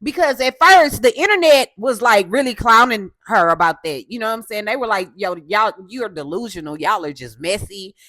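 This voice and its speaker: A woman from Houston hosting a casual commentary show, loud and assertive, with a coarse voice, often tagging "okay?". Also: medium pitch, animated, normal speed, hardly any pauses, no room sound. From Houston, Texas. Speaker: host.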